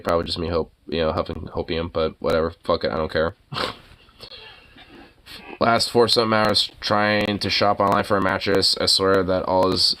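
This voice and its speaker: Man, low voice, casual livestream host, excitable, swears, laughs often.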